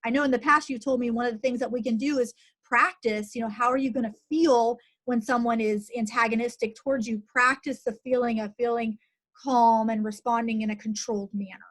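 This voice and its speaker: This physician host, a middle-aged woman, speaks a little high and fairly quickly with fairly even intonation. Her interview is conversational and earnest, peppered with many fillers.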